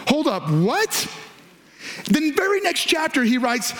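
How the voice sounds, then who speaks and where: A male pastor preaching a sermon to several campuses, animated, lifting his voice when he quotes scripture. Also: very high voice, slow, pauses often. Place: large church auditorium. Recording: echoey hall.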